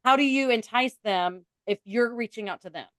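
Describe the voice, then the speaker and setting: A woman with a drawl co-hosts a relaxed podcast chat. She rambles, restarts her sentences and drifts between thoughts. Her voice sits slightly high and sounds close and dry, with no room around it. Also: normal speed, no echo. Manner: rambling, chatty, self-interrupting. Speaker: podcast co-host.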